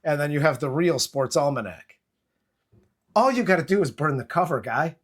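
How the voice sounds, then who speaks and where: A man hosting a movie-review podcast, recapping scenes in a profane, animated casual chat. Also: fairly high pitch, moderate pace. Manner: profane, animated retelling with acted quotes.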